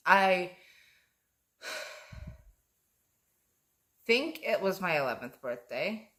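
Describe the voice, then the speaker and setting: A woman's voice: on the low side, big pitch swings, very slow, pauses often, a bit bright. A woman vlogger telling a personal story in a rambling, hesitant way, full of ums and self-corrections, and calling herself an amateur.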